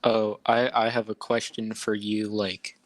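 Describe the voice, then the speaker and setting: A man's voice: lowish voice, level tone, dry recording. A man playing a tabletop game, talking casually and a little hesitantly with the dungeon master. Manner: unhurried, a bit hesitant. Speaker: player.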